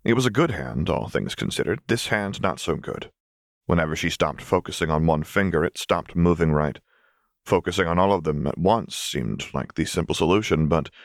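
A man reading fan fiction aloud as an audiobook narrator, in a calm, measured storytelling manner. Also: low voice, vocal fry, dry recording, clean studio sound.

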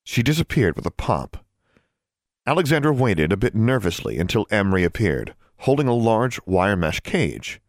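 A man with a lowish voice narrates a fantasy story, letting his pitch rise and fall expressively. The recording is dry and close to the microphone. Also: big pitch swings, moderate pace, no echo. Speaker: audiobook narrator. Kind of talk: scripted narration.

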